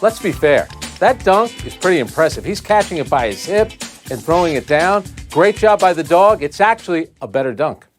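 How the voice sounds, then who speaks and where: A man with a New York accent pushes back bluntly and skeptically during a sports panel. His voice sits slightly high, with faint music in the background. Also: big pitch swings, moderate pace. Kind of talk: panel debate.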